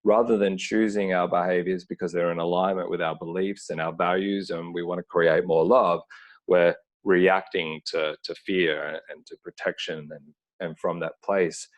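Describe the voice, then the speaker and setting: Deep-voiced earnest man on a call. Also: steady tone, normal speed. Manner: earnest, searching, frequent "like" fillers. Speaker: podcast guest. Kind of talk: reflective conversational talk. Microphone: remote call.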